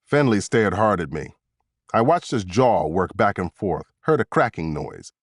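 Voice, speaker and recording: A man narrating a thriller audiobook in the first person, with steady, tense storytelling. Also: low-pitched, measured pace, no room sound, studio quality.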